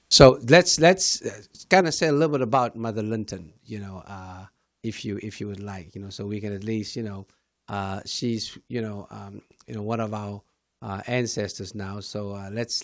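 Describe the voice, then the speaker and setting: A man's voice: on the low side, no room sound, studio quality. A man who is a pastor and talk show host, speaking in a rambling, effusive way while interviewing a guest. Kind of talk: interview conversation.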